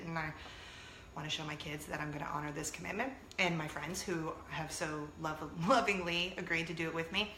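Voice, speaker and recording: A middle-aged woman hosting a casual vlog, telling a story to her viewers and acting out the voices in it, often laughing. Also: medium pitch. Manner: animated, laughing, acts out voices. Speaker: vlog host. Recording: echoey room, faint background noise.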